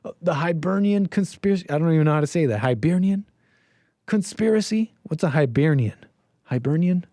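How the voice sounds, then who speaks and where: A man's voice: fairly high pitch, lively intonation, quick pace, warm tone, no echo. A man hosting a casual livestream, talking in a sarcastic, rambling way and mocking what he reads aloud. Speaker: livestream host.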